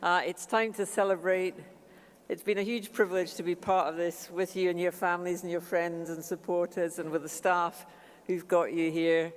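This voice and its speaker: A woman's voice: lowish voice, level tone, normal speed. A woman giving jokey closing remarks at a graduation ceremony in a large hall. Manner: warm, joking send-off. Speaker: college chair closing the ceremony. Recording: long reverb of a large hall.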